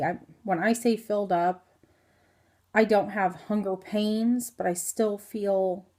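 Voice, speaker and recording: Hiccuping throughout, a thirtysomething woman from Indiana vlogs a casual health update into her phone camera, her voice warm and medium-pitched. She rambles, says um a lot, and keeps correcting herself.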